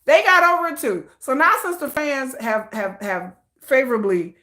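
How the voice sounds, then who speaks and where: A bright, sharp-toned woman chats on a casual livestream. Her pitch sits high and swings widely as she riffs in slang. She laughs often and keeps the talk loose and animated. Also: normal speed. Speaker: livestream host.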